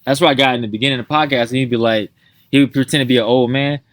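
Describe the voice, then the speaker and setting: A podcast co-host speaks rapid-fire in a mid-range voice, captured as clean studio sound with no room echo. In casual chat he tells funny stories animatedly, acting out the people in them and swearing freely.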